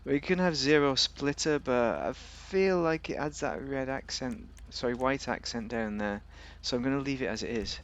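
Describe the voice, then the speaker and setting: A man's voice: medium pitch, expressive, normal speed, few pauses, fairly bright tone. A man giving a casual, rambling, jokey commentary while reviewing a car in a video game.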